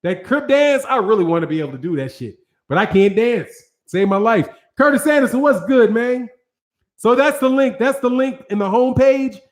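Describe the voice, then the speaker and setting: High-voiced Midwestern man, profane. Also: normal speed. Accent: Midwestern American. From American Midwest. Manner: profane, animated, reads viewer chat aloud. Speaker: host. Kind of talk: casual livestream chat.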